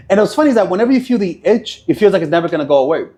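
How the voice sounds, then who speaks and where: Talking quickly with few pauses, this man delivers a laid-back motivational talk on meditation, swearing freely, reacting bluntly, and hammering points home through repetition. His high-pitched, slightly mellow voice moves through big pitch swings.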